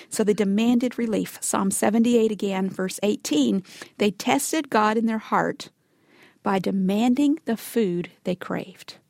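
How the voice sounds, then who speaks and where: A woman's voice: medium pitch, measured pace, gravelly, a little mellow, no room sound. A woman giving a sermon, earnest and emphatic, acting out quoted complaints and sometimes dropping to a whisper for emphasis. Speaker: Bible teacher.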